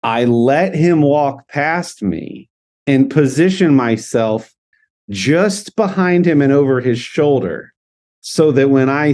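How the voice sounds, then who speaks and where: A man's voice: fairly high pitch, darkish tone. A man co-hosting a podcast, telling an anecdote in casual chat, laughing often and acting out the dialogue. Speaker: podcast co-host.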